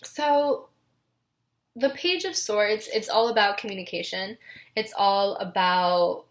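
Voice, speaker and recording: A woman's voice: mid-range voice, slow pace. A young woman reading tarot cards in a casual vlog, emotional and giggly, with many fillers. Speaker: tarot reader.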